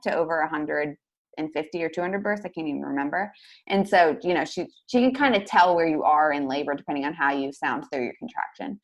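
A young woman telling a personal story as a podcast guest, chatty and full of fillers. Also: on the low side. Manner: fast, chatty, lots of "like". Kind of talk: casual storytelling.

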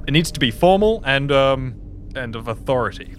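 A man playing a tabletop game, talking casually with a hesitant, excitable manner. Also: medium pitch, moderate pace, soft background music. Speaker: player.

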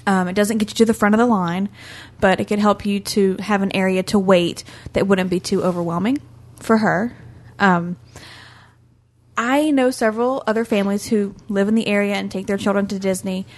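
A woman on a relaxed podcast gives practical, reassuring advice to listeners. She speaks gently and often pauses with soft "um"s. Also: medium pitch. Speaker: podcast regular giving park advice. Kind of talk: casual podcast chat.

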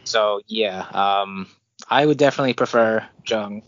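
A man co-hosting a casual sports podcast, relaxed, reading out draft news with his own asides. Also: fairly low pitch, measured pace, no room sound, dull audio. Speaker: podcast co-host.

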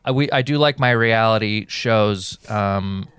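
Smooth-voiced man, rambling casual chat. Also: on the low side, a bit bright, no echo. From Southern California. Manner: rambling, halting restarts.

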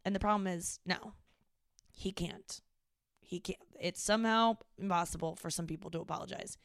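Smooth low-pitched young woman, exasperated. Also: moderate pace, dry recording, studio quality. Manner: animated, exasperated storytelling with swearing. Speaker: podcast host. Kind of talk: casual monologue. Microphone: studio mic into a mixing board.

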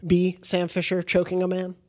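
A man hosting a game podcast with a slightly high voice. He runs through the news in a casual, brisk way and keeps the talk moving. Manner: steady, brisk, moves topics along. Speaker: podcast host. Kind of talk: casual chat, news rundown.

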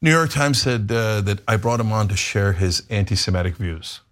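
A man's voice: fairly low pitch, animated, moderate pace. A middle-aged man hosting a casual political podcast chat, emphatic and laughing often. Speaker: podcast host.

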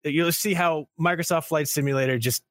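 A man's voice: fairly high pitch, brisk, a bit bright, dry recording, studio quality. A man hosting a casual podcast chat, joking and playfully sarcastic as he leads the talk. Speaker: podcast host.

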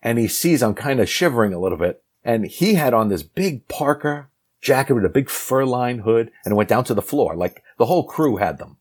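A man telling a lively anecdote from his acting career as a guest, acting out the people he quotes. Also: medium pitch, brisk, slightly rough. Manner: animated storyteller acting out quoted lines. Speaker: actor telling a story as guest. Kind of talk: casual anecdote.

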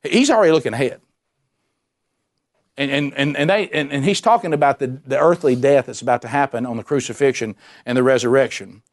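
A man preaching a sermon, animated and emphatic, repeating himself and dropping suddenly to a quiet voice. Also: medium pitch, a little fast. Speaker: pastor.

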